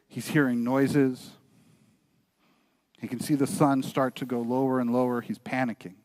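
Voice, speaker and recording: A man's voice: medium pitch, level tone, moderate pace, pauses often, no room sound. A male pastor preaching a sermon, telling a story and urging his listeners earnestly. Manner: storytelling, building to earnest, quieter exhortation. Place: church.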